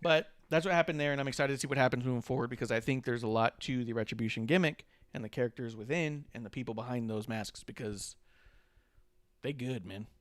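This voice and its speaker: Smooth-voiced man hosting a podcast. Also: medium pitch, fast talker, no echo. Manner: joking, rambling recap. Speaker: podcast host. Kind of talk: casual chat.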